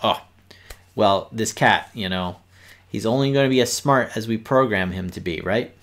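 This man's voice is on the low side, fairly bright in tone, and moves at a moderate pace. He's a teacher hosting a live coding stream for kids, patiently explaining each step while talking directly to viewers.

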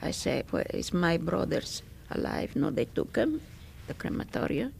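An older woman from Greece recounts her memories in oral history testimony. Her voice is strongly gravelly, and she speaks slowly, stopping often to search for words. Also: fairly low pitch, huge pitch swings, slight background noise. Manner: halting, with many pauses and fillers. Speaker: survivor giving testimony.

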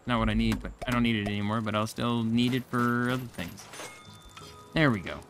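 A man giving casual let's-play commentary, chatty and quick to react aloud and laugh at the game. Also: mid-range voice, fairly even intonation, fairly bright tone. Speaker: gamer.

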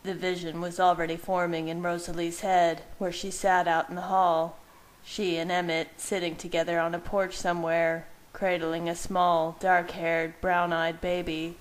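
Woman calmly reading fan fiction aloud. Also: lowish voice, rough recording.

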